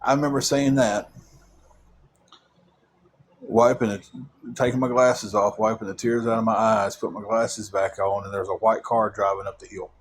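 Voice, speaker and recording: A young man, his voice sitting a little low, works through a long personal story. He rambles and stalls on fillers and repeated words. A faint hiss sits under the recording. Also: steady tone, moderate pace, pauses often.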